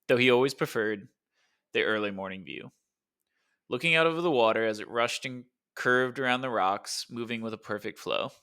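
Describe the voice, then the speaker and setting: A male audiobook narrator tells an adventure story at a steady pace. His voice is bright and forceful and sits at a middle pitch. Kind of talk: scripted narration.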